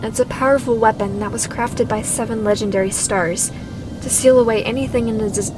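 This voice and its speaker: A woman's voice: on the high side, steady tone, fairly quick, over music, natural voice. A woman reading fan-dub lines earnestly, stopping to mock her own slips. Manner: earnest reading, breaking into self-mocking asides. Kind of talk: fan-dub blooper outtakes.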